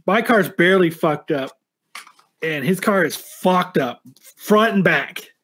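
A man's voice: high voice, takes it slowly, husky. A man telling a story in casual chat, swearing often and acting out the people in it. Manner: profane, animated anecdote telling.

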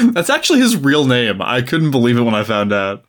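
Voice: mid-range voice, huge pitch swings, normal speed. A podcast co-host in casual chat about a baking show, who laughs often and is encouraging.

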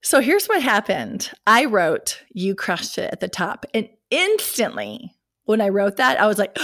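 A middle-aged woman hosting a solo podcast, her voice scratchy from a cold, talking animatedly, laughing and clearing her throat. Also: a little high, big pitch swings, unhurried, a bit bright. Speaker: podcast host. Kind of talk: casual solo podcast talk.

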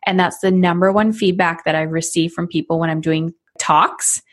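This woman in her thirties, a parenting coach, talks at a moderate pace with a voice on the low side during a podcast conversation. Lively throughout, she performs short scenes using different voices.

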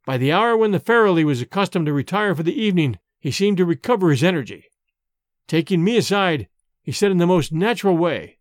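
Expressive male storybook narrator. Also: high voice, brisk, dry recording. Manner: expressive, dramatic first-person storytelling. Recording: dry close recording with faint music.

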